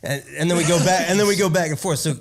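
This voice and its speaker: A man's voice: high voice, very fast. A man in his thirties from the United States, hosting a podcast in loose, rambling casual chat. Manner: loose, rambling, laid-back. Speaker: podcast host.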